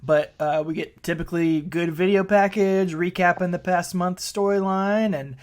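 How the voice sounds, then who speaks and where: A man's voice: high voice, steady tone, normal speed. Laid-back male podcast co-host. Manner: laid-back, recaps matches with fillers. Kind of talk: casual podcast chat.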